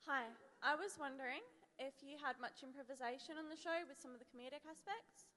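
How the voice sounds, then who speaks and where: A woman asking a fan question at a convention panel, giggly and nervous, rushing her words. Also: sits high, sharp tone. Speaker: audience questioner. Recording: audience mic in a reverberant hall with faint noise.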